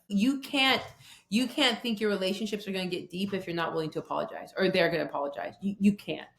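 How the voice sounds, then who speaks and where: A woman guest on a podcast, telling personal stories about conflict in a lively conversational way, acting out quoted voices. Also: mid-range voice, echoey room. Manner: animated storytelling with quoted voices.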